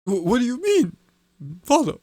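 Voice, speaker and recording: A man's voice: very high voice, big pitch swings, moderate pace, warm tone, no room sound, studio quality, voice pushed up. A man voicing a nervous young boy who keeps asking anxious questions in a tabletop game.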